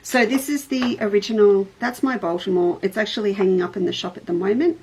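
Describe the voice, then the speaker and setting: A woman's voice: mid-range voice, fairly quick, darkish tone, slight background noise, rough recording. A middle-aged woman, hosting a casual show-and-tell chat as a fabric designer. She tells a rambling story in an easy, talkative way.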